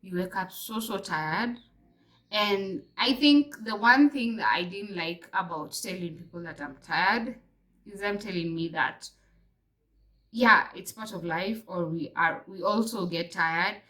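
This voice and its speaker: A woman's voice: medium pitch, a little slow, low-quality recording. Chatty Kenyan woman vlogging. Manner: chatty, switches between English and Swahili; animated storyteller, mixes in fillers. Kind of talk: casual chat to camera.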